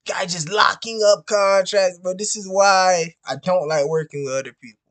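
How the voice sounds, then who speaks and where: A man's voice: high-pitched, steady tone, normal speed, a bit bright. A man who wholesales real estate, venting to the camera in a casual, profane way and ending nearly every phrase with "bro". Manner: frustrated, repetitive, peppers every phrase with "bro".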